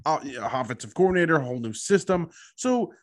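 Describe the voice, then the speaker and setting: A man's voice: fairly high pitch, big pitch swings, brisk. A man co-hosting a sports podcast, talking bluntly and laid-back, saying he is tired. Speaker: podcast co-host. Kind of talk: casual sports chat.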